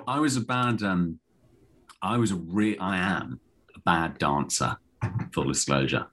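Brief: middle-aged actor, very low voice, rambling and self-mocking interview guest. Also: male voice, a bit bright. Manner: chatty and self-deprecating, with many restarts. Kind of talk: casual interview chat.

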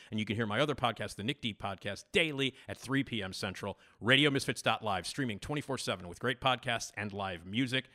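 A man's voice: medium pitch, pushed and bright. A man hosting a casual podcast monologue, rambling, blunt and opinionated. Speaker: podcast host.

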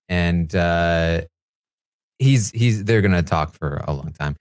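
A man's voice: deep voice, takes it slowly, no echo, clean studio sound. A man hosting a casual solo recap, talking loosely with many fillers and restarts. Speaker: live feed recap host.

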